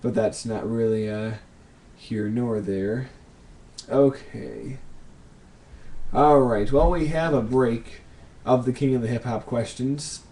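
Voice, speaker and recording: A young man answering viewer questions in a casual vlog, thinking aloud with lots of ums and pauses. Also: mid-range voice, dark tone.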